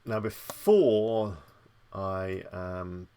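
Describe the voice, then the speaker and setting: A man's voice: low-pitched, extremely slow, mellow, smooth. A man hosting a live stream, chatting with viewers in an easygoing, rambling way. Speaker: livestream host. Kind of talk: casual live-stream chat.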